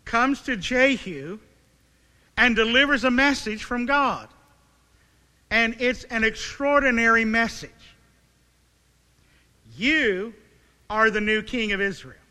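A man preaching a sermon, reading scripture aloud and then retelling it as vivid storytelling with rhetorical questions and dramatic pauses. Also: very high voice, pushed and bright. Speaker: pastor. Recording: long reverb of a large hall.

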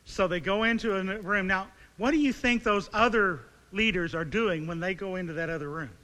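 A man preaching a sermon, reading scripture aloud and then retelling it as vivid storytelling with rhetorical questions and dramatic pauses. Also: high-pitched, pushed and bright. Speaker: pastor. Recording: long reverb of a large hall.

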